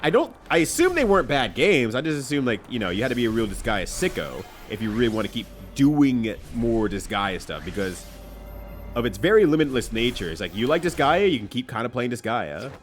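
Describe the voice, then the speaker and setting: A man's voice: medium pitch, very animated, fairly quick, soft background music. A man streaming live, chatting casually while he plays, rambling along and correcting himself as he goes.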